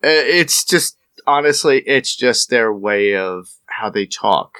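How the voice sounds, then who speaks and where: A man's voice: medium pitch, animated, slow pace, sharp tone, clean tone, dry recording, clean studio sound. A man chatting casually on a podcast, explaining things in an easygoing way and swearing freely.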